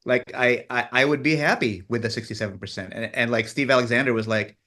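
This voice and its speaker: A man's voice: mid-range voice, fast talker, pushed and bright. A man, a film director guest on a podcast, telling a story animatedly and self-deprecatingly, acting out what others said. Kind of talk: casual interview chat.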